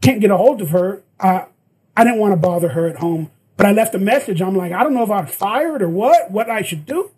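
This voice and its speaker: Over poor audio, a man tells an anecdote in casual conversation, speaking a little fast in a high-pitched, slightly rough voice. He's a guest actor, and he animatedly performs the quoted lines of the story's characters.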